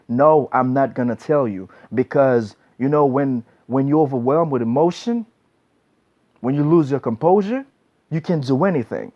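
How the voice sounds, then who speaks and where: A man's voice: mid-range voice, lively intonation, normal speed, mellow. A man giving blunt relationship advice in a casual monologue, preachy and repetitive, often tagging lines with "man". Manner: blunt, preachy, repeats himself, says "man" a lot. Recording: dull lo-fi recording.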